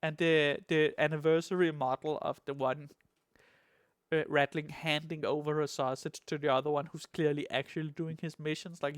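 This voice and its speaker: A man co-hosting a casual hobby podcast, excitable and jokey, swearing freely. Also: fairly high pitch, normal speed, no echo, clean studio sound. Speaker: podcast co-host.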